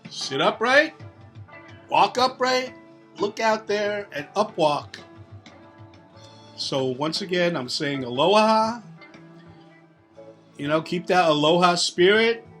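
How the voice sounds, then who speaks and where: A man's voice: sits high, animated, slow pace, pauses often, fairly bright tone, faint music behind. A man hosting a local show, talking in a rambling, laid-back way with casual asides. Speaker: host. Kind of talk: casual interview and sign-off.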